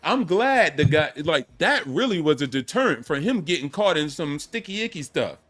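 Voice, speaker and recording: A man with a somewhat high voice holds forth in a casual podcast debate. He talks in street slang and leans hard on his punchlines, then drops to a low mutter. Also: very animated, moderate pace, soft background music. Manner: emphatic, slangy, swings from loud to low. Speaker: podcast co-host.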